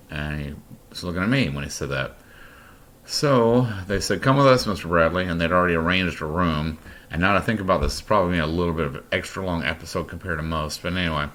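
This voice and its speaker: A man's voice: deep voice, a bit bright. A middle-aged man hosting his podcast, telling a story in a blunt, profane, rambling way after a few drinks. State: has been drinking. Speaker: podcast host. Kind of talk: storytelling monologue.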